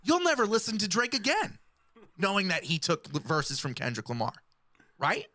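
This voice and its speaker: A man's voice: high voice, animated, moderate pace, sharp tone, no echo. A man giving earnest, explanatory hip-hop commentary and breaking down lyrics. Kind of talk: analytical commentary.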